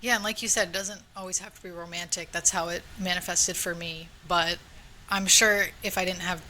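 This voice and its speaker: Bright-voiced woman co-hosting a podcast. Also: fairly low pitch, steady tone, brisk, a little hiss or hum, rough recording. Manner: warm, laughs often, open. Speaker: podcast co-host. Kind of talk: casual chat.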